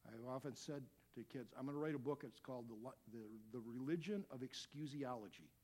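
A middle-aged man preaching a sermon as a pastor, animated, dropping to quiet asides and rising to loud shouts. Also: mid-range voice, brisk.

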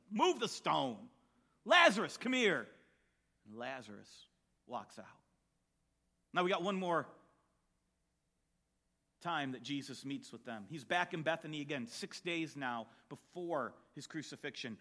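A man preaching a sermon, telling a Bible story with animated storytelling and acting out the voices of the people in it. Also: fairly high pitch.

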